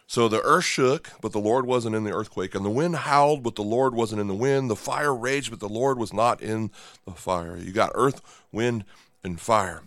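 A man's voice: fairly low pitch, normal speed, a bit bright, no room sound. Dynamic male preacher, dry close sound. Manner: dynamic, drops to near-whisper for emphasis, repeats phrases; checks in with the audience with "right?" and "okay?". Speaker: pastor. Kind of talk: sermon.

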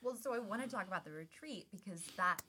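A woman's voice: mid-range voice, lively intonation, quick pace, sharp tone, slight background noise. A woman co-hosting a podcast in casual chat, joking in a dry way. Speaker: podcast co-host.

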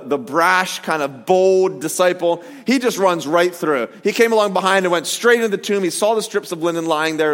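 A man preaching a sermon in a casual, animated way, with jokey asides. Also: high voice, in a large hall. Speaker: pastor.

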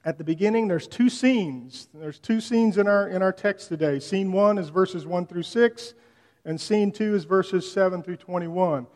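A man's voice: high voice, darkish tone. A man preaching a sermon in a conversational way, retelling scripture in everyday slang. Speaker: pastor. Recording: long hall reverb.

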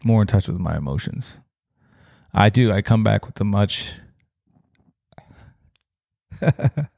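A man's voice: low voice, vocal fry, a little mellow, no room sound, studio quality. A man hosting his own podcast, rambling in a casual, folksy way and often checking in with the listener. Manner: rambling, folksy, keeps saying "you know what I mean". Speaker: podcast host. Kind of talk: casual solo podcast monologue.

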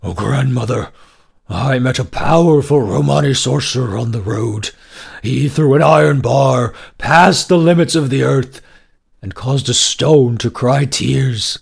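A man voicing a dim, nearsighted male dragon who talks in a slow, drawn-out way. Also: medium pitch, gravelly, slightly rough, pitched above the performer's own voice, heavily acted. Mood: frightened.

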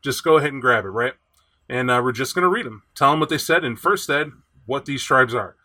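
Upbeat, bright-voiced podcast host. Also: male voice, mid-range voice, a little fast. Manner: animated, chatty, reads aloud from a rulebook. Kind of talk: casual podcast chat.

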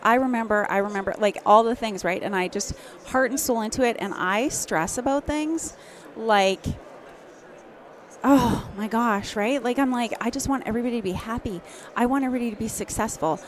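Woman, office manager, casual guest, laughs easily, animated storyteller. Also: on the high side, normal speed. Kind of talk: casual chat. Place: conference booth.

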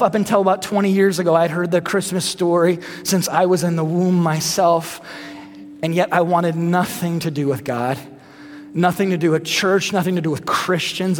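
A man in his thirties, a pastor giving a sermon in a conversational way, repeating rhetorical questions to the congregation. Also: high voice. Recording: reverberant hall.

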